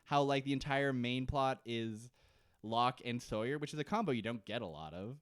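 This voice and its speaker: A man's voice: mid-range voice, clean tone, dry recording, studio quality. A man co-hosting a podcast, recapping a TV episode in casual, rambling chat with frequent laughs. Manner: rambling, laughing, quick to joke. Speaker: podcast co-host.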